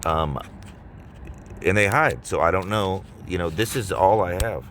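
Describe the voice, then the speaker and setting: A man's voice: low voice, a little slow, a bit bright, slight background noise. A man ranting in an agitated, profane vlog, repeating himself and swearing often. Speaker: vlogger. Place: in his car.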